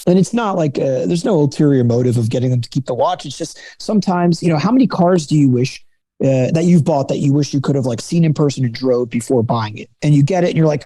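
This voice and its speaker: A man talking shop about watches in a relaxed, candid way, full of fillers and the odd curse. His voice is mellow and warm, and the recording is dry and close. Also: fairly high pitch, fast, dry recording. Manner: candid, swears freely, lots of fillers. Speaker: watch dealer, podcast guest. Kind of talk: casual conversational interview.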